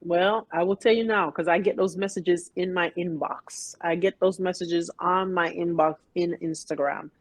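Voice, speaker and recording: A woman in her fifties, a guest in a casual interview, telling her story in an emphatic, animated way. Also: fairly low pitch, moderate pace, hardly any pauses, dry recording, poor audio. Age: 50s. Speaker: interview guest, private pilot.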